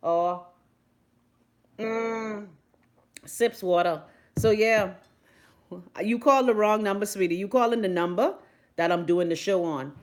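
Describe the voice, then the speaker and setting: A young Bahamian woman hosting a live stream, chatting loudly to her viewers, gossipy and swearing freely. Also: medium pitch, unhurried, long pauses. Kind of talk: casual live-stream chat.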